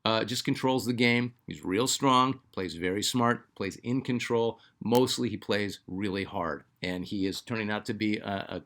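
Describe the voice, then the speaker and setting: A man's voice: lowish voice, normal speed, few pauses, a bit bright. A man hosting a basketball fan channel, chatting casually and reading out viewer comments, with lots of fillers and restarts. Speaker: sports channel host.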